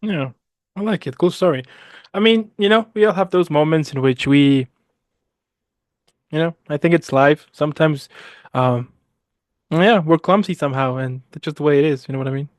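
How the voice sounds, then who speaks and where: A man's voice: on the high side, moderate pace, long pauses, no echo, clean studio sound. A man hosting an interview show, encouraging his guest with repeated short affirmations. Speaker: show host. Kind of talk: casual interview chat.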